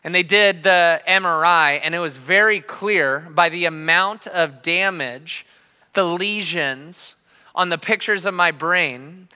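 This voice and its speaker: A man in his thirties preaching a sermon as a pastor, telling his story passionately, dropping quiet and then rising loud. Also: fairly high pitch, clean tone, in a large hall. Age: 30s. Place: church hall.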